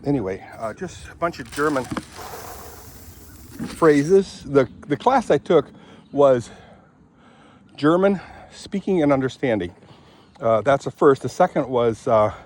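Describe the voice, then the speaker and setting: A middle-aged man from Michigan, talking in a rambling, chatty way and often clearing his throat. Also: mid-range voice, animated, unhurried, pauses often, darkish tone. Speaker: vlogger. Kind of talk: rambling casual chat.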